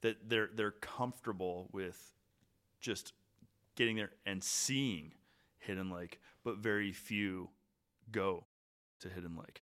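Man, podcast host, casual storytelling, slightly low-pitched voice, halting restarts. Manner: animated, trailing pauses and restarts.

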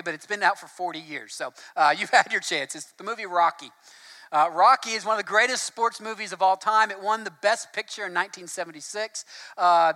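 Man, preacher, sermon, conversational, high voice, bright tone. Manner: conversational, relaxed preaching with casual asides.

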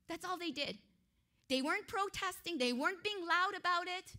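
A woman teaching a Bible study, excitable and emphatic, asking the listeners rhetorical questions. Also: sits high.

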